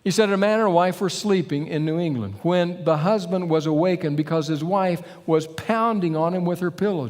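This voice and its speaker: A middle-aged man preaching a sermon, his voice sitting a little high for a man. He tells stories with animated retellings. The sound rings with the long reverb of a hall. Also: moderate pace, few pauses. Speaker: pastor.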